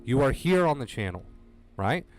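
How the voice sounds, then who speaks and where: This mid-pitched man gives his livestream viewers a direct, earnest pep talk on getting over anxiety, hammering his points home through repetition. He sounds very animated while keeping a moderate pace, with quiet music in the background.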